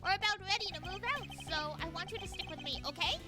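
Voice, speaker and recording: A woman voicing a brash, bossy male security chief who speaks loudly and briskly, over background music. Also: extremely high pitch, voice pushed up. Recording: music playing behind.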